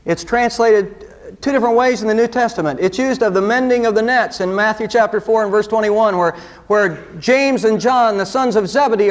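A male pastor preaching a sermon, earnest and direct, with pointed rhetorical questions to the congregation. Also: very high voice.

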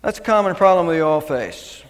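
A man's voice: on the high side, expressive, normal speed, long reverb tail. A middle-aged male pastor preaching a sermon in a conversational way, with asides and restarts.

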